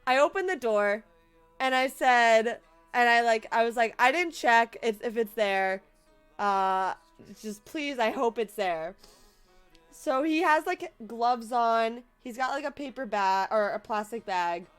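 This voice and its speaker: A young woman vlogging, telling a story with animated energy, casual swearing and laughter breaking into her sentences. Her voice sits high and sounds bright and forward, with faint music behind her. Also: unhurried, clear, resonant tone.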